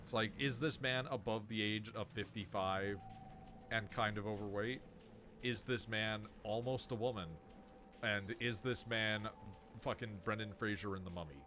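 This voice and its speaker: A man's voice: on the low side, steady tone, normal speed, bright, forceful tone, a little hiss or hum. A Canadian man from Ontario hosting a casual gaming stream, rambling and swearing as he interrupts himself. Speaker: streamer host.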